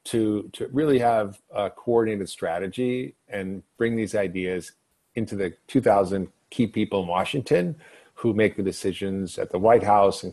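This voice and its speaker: A man's voice: fairly low pitch, darkish tone. A man hosting a podcast interview, talking earnestly and enthusiastically about food policy advocacy. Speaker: podcast host. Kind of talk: conversational interview.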